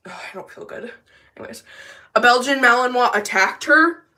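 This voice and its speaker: A woman's voice: on the high side, lively intonation, moderate pace, bright, forceful tone. A woman with a service dog ranting casually and defiantly on a livestream from her bathroom, rambling and emphatic.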